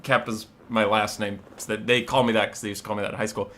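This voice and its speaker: A young man hosting a live stream, chatting casually and telling stories in an animated, profane way. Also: on the low side, fast.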